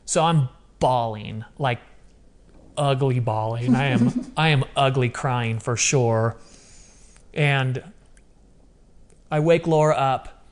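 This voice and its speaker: A man in his fifties, a podcast guest, telling a personal story in a lively, emotional way with quick asides. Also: mid-range voice. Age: 50s. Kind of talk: conversational storytelling.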